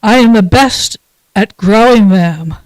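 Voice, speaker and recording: A woman voicing a boastful purple bunny in a children's storybook, read slowly and with emphasis. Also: medium pitch, a little mellow, no echo, lightly acted.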